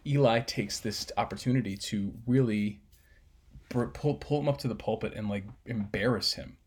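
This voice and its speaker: A man's voice: on the low side, moderate pace, husky. A man casually breaking down a film scene, rambling with fillers and swearing.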